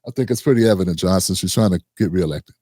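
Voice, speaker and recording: A man's voice: sits low, quick pace, dark tone, no room sound, studio quality. A man hosting casual political reaction commentary, mocking and slangy, sometimes putting on voices.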